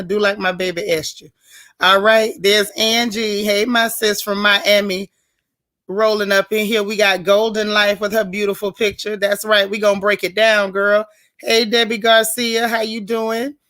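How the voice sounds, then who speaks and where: A woman's voice: on the high side, a bit bright. A woman hosting a casual livestream, greeting viewers by name and chatting in a folksy, talkative way. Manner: chatty, folksy, drawls "y'all" and "child". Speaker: host of a reality TV recap livestream.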